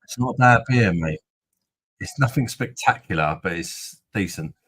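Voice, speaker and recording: A Kent man hosts a beer review live stream, trading crude jokes and casual banter with viewers. His low voice is expressive and unhurried, a bit bright with a breathy edge, though the audio is poor and lacks room sound.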